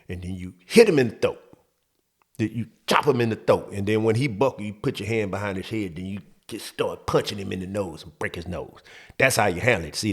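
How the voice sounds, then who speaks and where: A man doing a cocky ex-con adviser. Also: fairly low pitch. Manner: instructive, matter-of-fact, profane. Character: streetwise ex-convict man, cocky fight adviser.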